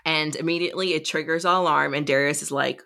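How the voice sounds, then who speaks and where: A woman's voice: low-pitched, steady tone, fast, vocal fry, sharp tone. A woman co-hosting a podcast, chatting casually as she recaps a novel's plot and acts out the characters' lines. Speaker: podcast co-host.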